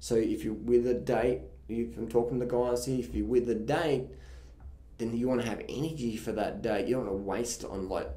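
A man talks in a loose, blunt, profane way, jumping into quick impressions as he tells his stories. His voice sits at an ordinary male pitch. The room rings with a noticeable echo. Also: a little hiss or hum. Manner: blunt, profane, animated storytelling. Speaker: vlogger. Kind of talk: casual advice monologue. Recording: roomy echo.

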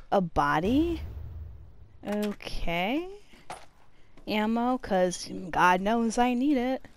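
Woman let's-player, horror game, swears constantly, slow delivery, wide pitch swings. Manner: profane, panicky, swings from screaming to muttering. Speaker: gamer playing a horror game. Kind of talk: let's play commentary.

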